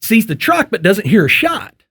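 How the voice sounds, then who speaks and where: A man's voice: high voice, wildly swooping pitch, moderate pace, pushed and bright, breathy edge. A man hosting a casual podcast interview, folksy and joking. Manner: folksy and joking, loose with fillers. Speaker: podcast host.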